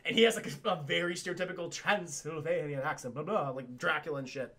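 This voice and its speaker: A man recapping a cartoon episode for a live chat in a casual, profane, excitable way, laughing often. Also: on the high side, quick pace. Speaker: cartoon reviewer streaming to chat.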